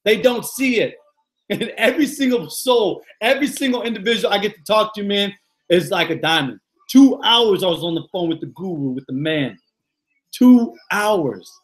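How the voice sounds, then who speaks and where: A man's voice: high-pitched, animated, normal speed. A middle-aged man, a motivational coach, talking live to viewers in an exuberant, repetitive way full of slang fillers.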